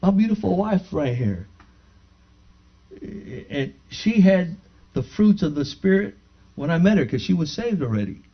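Male pastor, high voice, lively storytelling sermon, dull lo-fi sound. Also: unhurried, pauses often. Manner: storytelling, acting out dialogue, rising to fervent praise. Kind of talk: sermon testimony. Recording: dull lo-fi recording.

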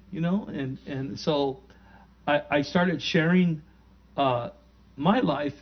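A male pastor telling a story in a sermon, conversational and animated, acting out the dialogue himself. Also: fairly high pitch, slow pace, long pauses, highs cut off.

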